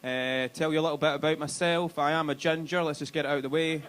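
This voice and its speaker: A man's voice: on the high side, fairly even intonation, quick pace, fairly bright tone, clean tone. A young Glaswegian man doing stand-up in a comedy club, crude and self-mocking, working the crowd. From Scotland.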